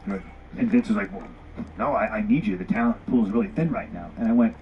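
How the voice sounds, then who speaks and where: A man's voice: on the low side, very animated, fairly quick, lo-fi sound, a little hiss or hum. A man telling a story bluntly with lots of swearing, acting out both sides of old conversations. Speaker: former pro wrestler telling a story. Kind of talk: casual candid storytelling.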